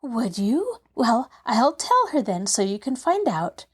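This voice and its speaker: A woman voicing a cheerful, eager little girl who talks in a bright, earnest way. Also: on the high side, sing-song, slow, husky, voice pushed up, heavily acted.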